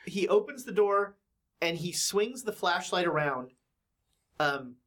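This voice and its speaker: A man's voice: high voice, lively intonation, a bit bright. A man running a tabletop horror game as game master, narrating with many ums and restarts. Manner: halting, filler-heavy narration.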